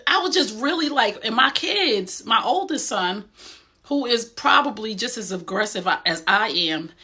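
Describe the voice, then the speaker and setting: Bright-voiced New woman, emphatic. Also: fairly high pitch, lively intonation, unhurried, husky. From Essex County, New Jersey. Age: middle-aged. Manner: direct and emphatic, streetwise. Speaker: host. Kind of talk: motivational talk.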